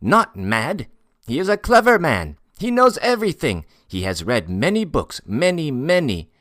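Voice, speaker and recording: A man's voice: huge pitch swings, a little slow, a bit bright, no echo, clean studio sound, full character voice. A man voicing a sly, impudent male Tatar porter who talks in an emphatic, mysterious way. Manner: high, emphatic, pleading and mysterious.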